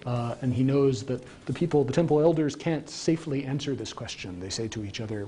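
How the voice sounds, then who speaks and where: Man lecturing in a mellow voice. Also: a little fast, few pauses. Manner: conversational, with frequent ums and asides. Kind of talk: public lecture with slides. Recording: archival local-TV lecture tape, faint rumble.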